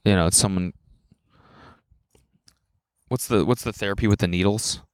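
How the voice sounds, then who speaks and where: A young man co-hosting a podcast in casual chat, animated and swearing freely as he acts out quoted lines in a raised voice. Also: lowish voice, moderate pace, no echo, studio quality. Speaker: podcast co-host.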